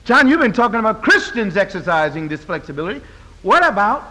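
A man preaching a sermon as pastor, with call-and-response rhythm, moving from low talk to loud high cries. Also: big pitch swings, quick pace. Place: church. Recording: long reverb of a church hall.

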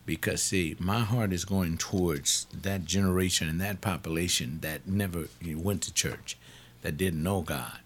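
A man's voice: low voice, unhurried, slight background noise. A man who leads Bible studies, speaking informally in a blunt, emphatic, rambling way. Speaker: Bible study teacher. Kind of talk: informal teaching talk.

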